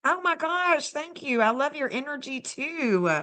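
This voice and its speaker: A woman's voice: sits high, expressive, measured pace, fairly bright tone. Gushing woman thanking stream viewers. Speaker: livestream host and astrologer. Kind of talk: casual livestream chat.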